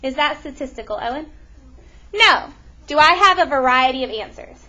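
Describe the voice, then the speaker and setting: A woman teaching a math lesson to a classroom, animated and often questioning her students. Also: high-pitched, moderate pace, highs cut off.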